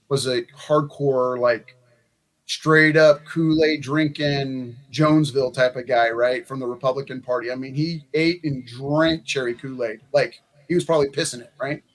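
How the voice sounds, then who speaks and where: A man, a former candidate for Congress, talking in a rambling, folksy way with many restarts on a convention panel. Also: mid-range voice. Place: convention meeting room.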